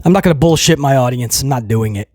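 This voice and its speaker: A man's voice: medium pitch, quick pace, a little mellow, dry recording, clean studio sound. A man hosting a casual wrestling commentary show, ranting with sarcasm and mocking people in put-on voices.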